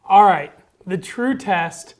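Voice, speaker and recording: A woman's voice: mid-range voice, lively intonation, slow pace. A woman hosting a casual cooking show, chattily walking through each step. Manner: upbeat, walks through steps chattily.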